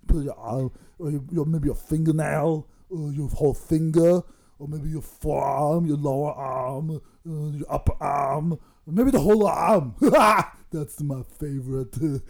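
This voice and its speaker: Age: adult. Sex: male bodybuilder impression by a man. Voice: low, gravelly. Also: a little mellow. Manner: rambling, giggly, mock-threatening. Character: boastful bodybuilder impression, male, middle-aged, menacing-jolly. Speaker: comedy guest in character.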